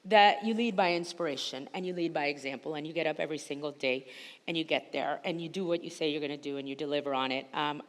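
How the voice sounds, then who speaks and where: Brief: animated panelist, woman with a slight Spanish-influenced accent, hall reverb. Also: deep voice, quick pace. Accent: Spanish-influenced English. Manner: energetic, emphatic, laughs often. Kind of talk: panel discussion. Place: conference hall stage.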